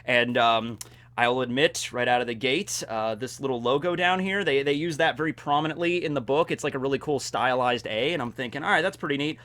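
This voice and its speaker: A man hosting a casual anime commentary video, animated and jokey, with plenty of fillers. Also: medium pitch, fairly quick. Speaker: YouTube host.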